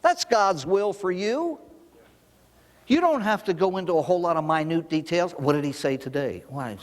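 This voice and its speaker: In a large hall, an older male priest with a high-pitched voice speaks at a moderate pace during a recovery talk. He tells stories with animation and asks the audience rhetorical questions.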